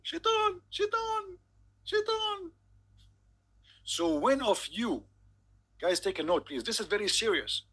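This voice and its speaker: Sarcastic man, high husky voice. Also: animated, normal speed, fairly bright tone. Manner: sarcastic, mock-incredulous. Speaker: comedic commentator. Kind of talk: mocking comedic monologue.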